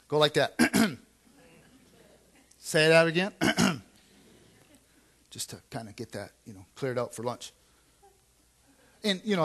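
Animated male pastor preaching. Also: on the high side. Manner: animated preaching, swinging from quiet asides to loud emphatic lines; conversational, with repeated phrases. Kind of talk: sermon.

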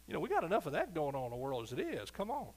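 A man's voice: fairly high pitch, wildly swooping pitch, very fast. A man preaching a sermon emphatically, often asking the congregation for response. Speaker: pastor.

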